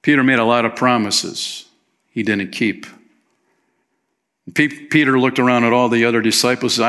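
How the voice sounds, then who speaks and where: A man delivering a sermon in a church, his voice bright and forward. He talks to the congregation like friends, dropping in "man" and slipping into the voices of the people he quotes. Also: lowish voice, normal speed, creaky, pauses often. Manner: conversational preaching, peppered with "man", acts out quotes. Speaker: pastor.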